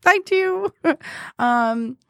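A woman's voice: high voice, animated, very slow, creaky, fairly bright tone, no echo. Giggly young woman podcaster, dry close sound. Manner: giggly, reading dating messages aloud. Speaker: podcast co-host. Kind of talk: casual chat.

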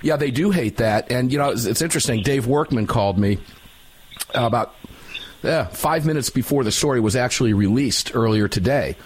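Man, radio host, husky voice, easygoing rambling chat. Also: mid-range voice, normal speed. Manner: chatty, rambling, agreeable. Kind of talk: talk radio conversation.

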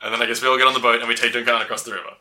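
A man playing a tabletop game, reasoning aloud in animated banter. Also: medium pitch, racing. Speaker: player.

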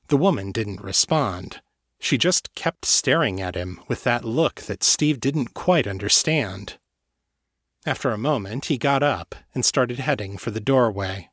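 A male storyteller reads fantasy fiction at an unhurried pace, steady and measured. His voice sits at a middle pitch. The close studio mic sounds dry, with no room sound. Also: dry recording. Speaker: audiobook narrator. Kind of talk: scripted fiction narration.

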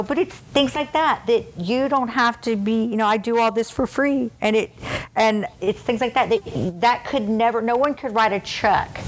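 A woman's voice: medium pitch, slight background noise. Emotional woman telling a story. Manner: animated, emotional storyteller, swears freely. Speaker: founder of a police dog charity. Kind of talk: casual storytelling chat.

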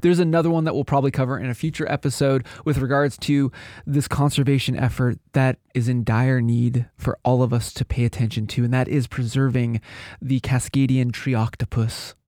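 A man's voice: medium pitch, steady tone, a little mellow, no room sound, clean studio sound. A man from the Pacific Northwest co-hosting a local podcast, eager and playful, often stumbling over his words. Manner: enthusiastic, playful, halting. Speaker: podcast co-host. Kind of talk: casual chat.

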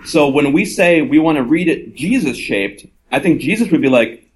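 A man's voice: fairly high pitch, lively intonation, moderate pace, rough recording. A man, an author speaking at a live gathering, who reasons aloud in an earnest, conversational way and often slips into quoted voices.

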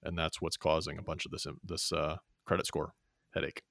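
A man's voice: extremely low pitch, little pitch movement, brisk, creaky, fairly bright tone, dry recording, clean studio sound. A man co-hosting a personal finance show, explaining things plainly and easily with a few fillers. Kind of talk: casual radio show banter.

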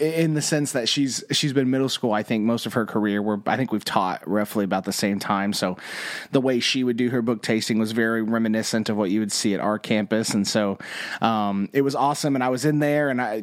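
A man hosting a podcast, telling stories in a rambling, enthusiastic way. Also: mid-range voice. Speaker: podcast host. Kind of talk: casual podcast chat.

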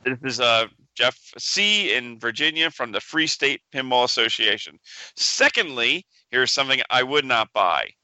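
A man's voice: medium pitch, animated, normal speed, bright, forceful tone, dry recording, low-quality recording. A man co-hosting a casual pinball podcast, joking around and reading listener emails aloud. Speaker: podcast co-host. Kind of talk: casual chat.

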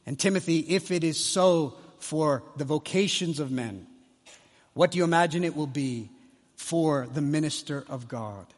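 Man preaching at a conference, highish voice, goes quiet then loud, big hall echo. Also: unhurried. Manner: impassioned, swings from hushed to loud. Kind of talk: conference sermon. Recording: long hall reverb.

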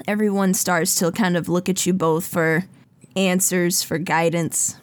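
A woman game master narrating a tabletop game in an unhurried, descriptive way with many fillers. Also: fairly low pitch, level tone, a bit bright, no echo.

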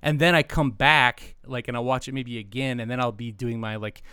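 A man's voice: mid-range voice, steady tone, normal speed, sharp tone, clean tone. A man hosting a podcast interview, chatting in a joking, self-deprecating way.

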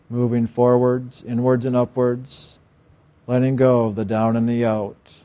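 A man giving a calm, measured inspirational spiritual talk with repeated phrases. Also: medium pitch. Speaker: spiritual teacher.

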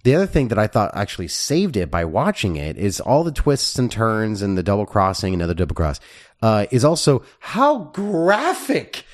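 A man's voice: lowish voice, huge pitch swings, moderate pace. Rambling man co-hosting a film podcast. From Texas, El Paso. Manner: rambling, with many fillers and restarts. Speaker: podcast co-host. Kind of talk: casual film review chat.

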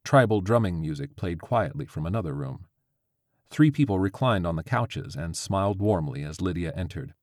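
A man narrating a story with a steady, even reading. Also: low-pitched, moderate pace, dry recording, studio quality.

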